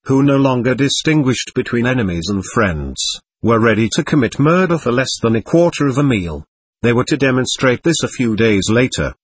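Husky male audiobook narrator. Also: mid-range voice, no room sound.

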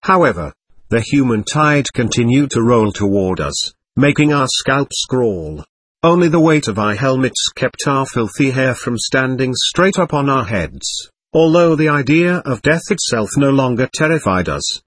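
Guy reading a war story audiobook, husky voice, lively ups and downs, dry close sound. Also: medium pitch, a little slow, dry recording. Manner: vivid, dramatic first-person telling. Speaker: narrator. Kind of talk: audiobook narration of a war memoir.

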